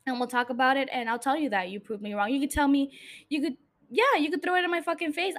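A woman's voice: high-pitched, a little fast, a bit bright. A woman hosting a solo podcast, talking into a microphone in a blunt, sarcastic, swearing rant. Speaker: podcast host. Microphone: studio microphone.

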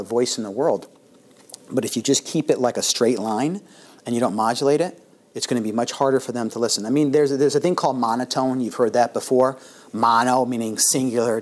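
An older man gives a casual classroom lecture in a middle-pitched voice. He talks conversationally, pausing and restarting, and his loudness swings widely from phrase to phrase. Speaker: instructor.

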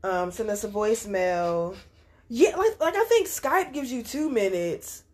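A woman's voice: mid-range voice, lively intonation, a little slow, darkish tone. Chatty woman podcast co-host. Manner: chatty, rambling, many fillers. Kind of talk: casual podcast chat.

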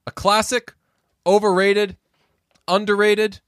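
A man's voice: high voice, flat delivery, slow pace, fairly bright tone, dry recording, clean studio sound. A man co-hosting a casual podcast about a movie, talking animatedly, acting out quotes and swearing casually. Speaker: podcast co-host.

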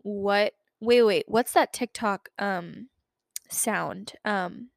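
A young woman in her twenties hosts a solo podcast, chatting and rambling with lots of fillers. Her medium-pitched voice is gravelly, and she takes it slowly, captured in clean studio sound with no echo.

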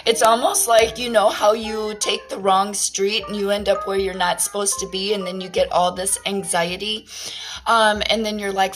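A woman's voice: mid-range voice, level tone, moderate pace, fairly bright tone, poor audio. Woman, tarot reader, rambling and candid, feels scattered, faint music under her voice. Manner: rambling, candid, swears casually. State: feeling scattered and confused. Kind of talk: casual spiritual card reading.

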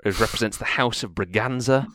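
A man's voice: lowish voice, a little fast, a bit bright, slight background noise. A man co-hosting a podcast, chatting casually and rambling with fillers and restarts. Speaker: podcast co-host. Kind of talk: casual chat.

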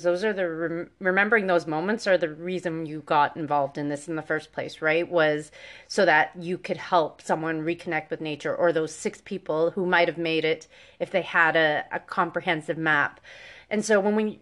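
A woman's voice: lowish voice, a bit bright. A woman hosting a podcast interview, asking encouraging questions and summing up her guest's answers. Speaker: podcast host.

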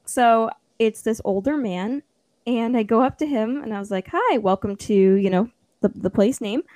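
Young woman, animated raconteur, bright higher voice, dry recording. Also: normal speed, no echo. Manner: animated storytelling, acts out quotes, laughs often. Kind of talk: casual chat.

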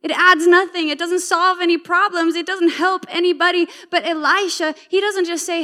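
High-voiced woman preaching emphatically. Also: normal speed, sharp tone. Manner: emphatic, repetitive, storytelling with voiced asides. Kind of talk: sermon.

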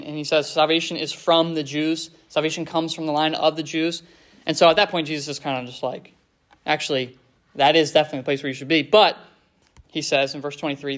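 A man teaching a Bible passage informally, reading verses and paraphrasing them in a relaxed, conversational way. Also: a little high. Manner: conversational, paraphrases scripture in casual speech.

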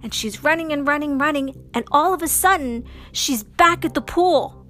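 A woman narrating a bedtime story for children in a slow, sing-song, dramatic way. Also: sits high, a bit bright.

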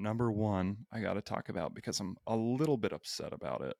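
A man's voice: low voice, gravelly, a little mellow, no echo, clean studio sound. A man, a healthcare worker, talking as a guest on a podcast in a brash, joking way with plenty of swearing. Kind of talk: casual podcast chat.

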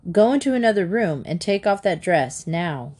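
A woman voicing a stern, hurried father who speaks firmly and briskly. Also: on the low side, expressive, darkish tone. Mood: flustered. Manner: firm and brisk.

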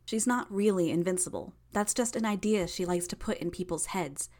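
A woman's voice: medium pitch, normal speed, darkish tone, lightly acted. A woman reading an audiobook, voicing a wounded young female villain who talks in pain, terse and strained. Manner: terse, breathless, knowing.

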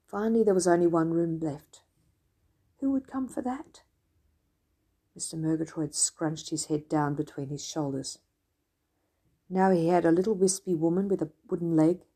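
A woman reads a children's story aloud, gentle and expressive. Her voice is somewhat low and husky, and her tone is mellow rather than bright. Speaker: narrator.

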